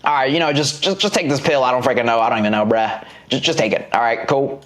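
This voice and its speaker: A man's voice: medium pitch, fast talker, background noise, pitched below the performer's own voice, close to an everyday voice. Man doing a sloppy drawling hillbilly doctor. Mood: dismissive. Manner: lazy, mumbling, dismissive.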